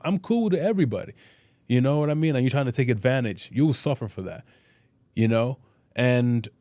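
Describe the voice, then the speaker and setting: A middle-aged man appears as a podcast guest, a boxer and fitness trainer telling boxing stories bluntly and with profanity in casual interview talk, peppered with restarts and "you know." His voice is medium-pitched and dark, recorded with no room sound.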